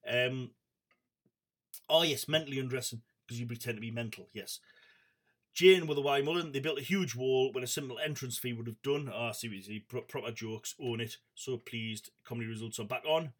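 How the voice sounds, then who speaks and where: A man's voice: medium pitch, a little fast, a bit bright. Chuckling man reading comments. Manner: chuckles often, many ums and trailing asides. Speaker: comedy show host. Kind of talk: casual chat reading out viewer comments.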